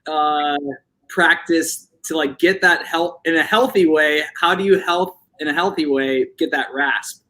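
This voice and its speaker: High bright-voiced male interviewer. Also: fairly even intonation, unhurried, rough recording. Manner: playful, casual slang, rambling questions. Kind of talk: casual video interview.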